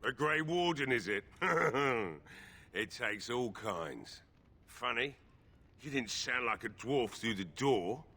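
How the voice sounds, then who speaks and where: An actor playing a middle-aged blacksmith in a video game, drunk, bitter and grieving, with a gruff, curt, weary way of talking. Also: male voice, mid-range voice, expressive, slow, bright, forceful tone, exaggerated voice. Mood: wry.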